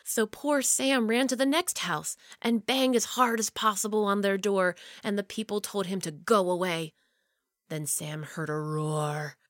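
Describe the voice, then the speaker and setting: A woman reads a children's story aloud, steady and expressive, sinking low and quiet for suspense. Her voice sits at an ordinary middle pitch for a woman. The sound is close and dry, with no echo. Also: unhurried.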